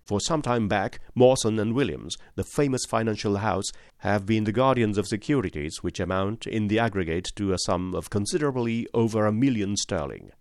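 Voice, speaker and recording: A man reading a detective story aloud in measured, composed narration. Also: fairly low pitch, animated, darkish tone, no room sound, studio quality. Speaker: audiobook narrator.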